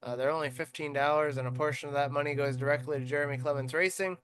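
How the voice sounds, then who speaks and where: A man co-hosting a casual racing podcast, reading sponsor plugs between stories. His voice sits a little on the high side. He launches into lively, animated anecdotes packed with ums and uhs. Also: fast talker. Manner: animated storytelling with many fillers. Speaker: podcast host. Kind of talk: casual chat.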